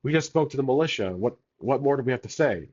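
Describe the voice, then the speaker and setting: A man voicing a gruff male warrior who protects the innocent, speaking tersely and guardedly. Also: medium pitch, lively intonation, fast talker, a little mellow, lo-fi sound, natural voice. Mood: impatient.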